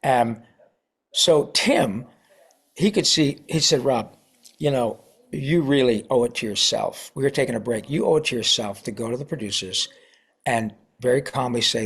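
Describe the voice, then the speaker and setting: A middle-aged man in a casual interview, telling a story with lively asides and acted-out quotes. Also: medium pitch, moderate pace, breathy edge. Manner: animated, acts out quoted voices. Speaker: voice actor guest.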